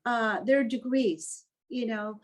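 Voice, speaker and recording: A woman's voice: fairly high pitch, takes it slowly, poor audio. A woman artist telling a story in an interview, speaking in a heartfelt, earnest and openly emotional way.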